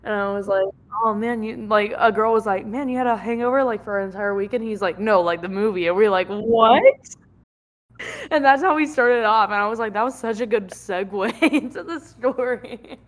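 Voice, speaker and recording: A woman's voice: medium pitch, moderate pace. A young woman co-hosting a podcast, telling rambling stories in casual chat and giggling often. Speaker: podcast co-host.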